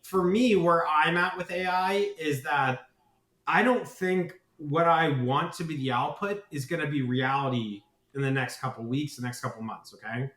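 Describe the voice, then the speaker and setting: A man with a slightly higher voice talks at length as a podcast guest. His delivery is eager and runs on, full of asides, and he keeps checking in with "right?". The sound carries a noticeable room echo. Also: moderate pace, fairly bright tone. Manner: enthusiastic, rambling, with many "right?" tags. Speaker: guest, marketing agency founder. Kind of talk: podcast interview.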